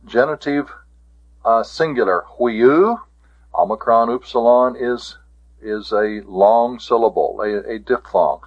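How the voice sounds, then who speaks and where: A man teaching a Greek grammar lesson, speaking deliberately and repeating key terms for his students. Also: medium pitch. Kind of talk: classroom lecture. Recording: dull lo-fi lecture recording.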